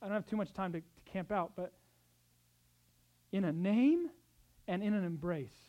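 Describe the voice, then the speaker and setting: A man preaching a sermon as pastor, swinging between soft, tender passages and loud, urgent exhortation, with conversational asides. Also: high-pitched, expressive, normal speed, lo-fi sound. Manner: acts out quoted speech in conversational asides.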